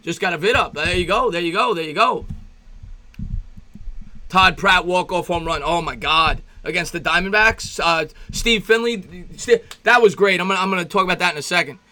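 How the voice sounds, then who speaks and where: A man calling a baseball game play by play as a fan host, chatty and rambling, breaking off between pitches to greet viewers and reminisce, his voice jumping up when excited. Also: normal speed. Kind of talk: amateur play-by-play commentary with reaction.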